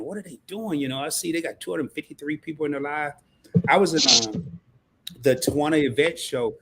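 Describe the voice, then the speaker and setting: A man hosting a casual livestream talk, animated and preachy, with frequent stumbling restarts. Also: medium pitch, slight background noise. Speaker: livestream host.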